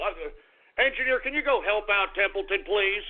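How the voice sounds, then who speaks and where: A man's voice: high voice, expressive, normal speed. A man hosting a radio talk show who theatrically scolds an unseen engineer and his dog between announcements. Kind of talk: comedic call-in radio monologue. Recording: tinny phone-line audio.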